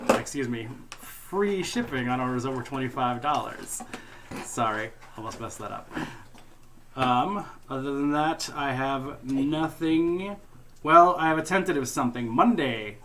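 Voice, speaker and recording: A man narrating and hosting a tabletop game as game master, relaxed and jokey, often laughing. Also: mid-range voice, background noise.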